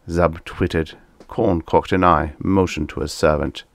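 Deep-voiced man reading vintage sci-fi. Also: fairly even intonation, a little slow, no room sound, studio quality. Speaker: audiobook narrator. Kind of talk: scripted narration of vintage science fiction.

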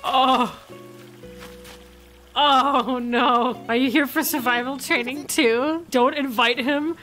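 A young woman streamer giving excitable game commentary, swinging from loud shrieks to low mumbles and swearing freely. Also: slow pace, faint music behind. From United States.

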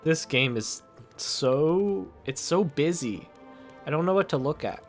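A sarcastic man chatting through a game stream, swearing and laughing at himself. His pitch moves in a lively way. Faint music runs in the background. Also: a little slow. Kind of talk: casual game commentary.

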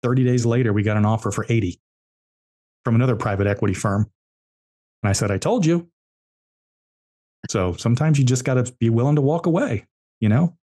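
A man's voice: mid-range voice, fast, pauses often, dark tone. A man, an entrepreneur guest on a podcast, telling business stories bluntly and emphatically, repeating key words. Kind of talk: podcast interview storytelling.

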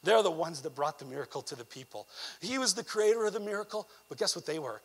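A man from Canada, an evangelist preaching a sermon in a conversational way that swells into emphatic, near-shouted lines. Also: a little high, lively intonation, fast, husky. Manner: conversational asides with frequent "you know".

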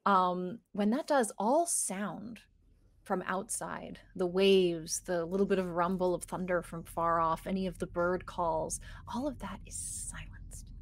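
A woman with a fairly low, gravelly voice narrates a tabletop role-playing game as its game master. She takes her time describing scenes, with frequent fillers and restarts.

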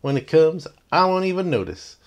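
A man's voice: on the high side, sing-song, moderate pace, pitched above the performer's own voice. A man retelling a scene in which he quotes a cocky, unflappable male martial arts fighter. He delivers the lines in a dry, offhand way. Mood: cool.

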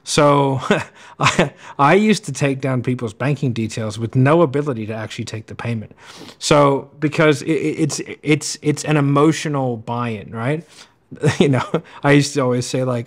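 A man giving casual commentary on sales clips, talking quickly and acting out sales calls. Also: medium pitch. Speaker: sales coach reacting to clips.

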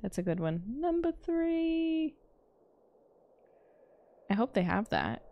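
A young woman streaming a farming game, chatting casually with her viewers, bubbly and quick to laugh. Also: on the low side, very animated, gravelly, dry recording, highs cut off. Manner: bubbly and giggly, quoting movie lines. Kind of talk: casual gaming stream chat.

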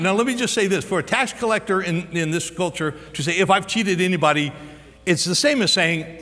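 An American man preaching a sermon as pastor, acting out the story's dialogue with lively energy. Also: high-pitched, fairly quick, big-room sound. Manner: animated preacher, acts out dialogue.

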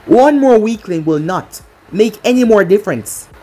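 A brash, lisping male android villain from a storybook reading, read aloud by a woman. The voice swings about in pitch and carries a husky edge. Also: animated, moderate pace, dark tone, close to an everyday voice. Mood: gloating.

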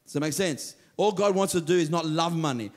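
A man preaching a sermon as pastor, telling stories with lively quoted voices. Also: fairly high pitch, fairly quick. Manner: animated storytelling, acts out quoted voices. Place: church.

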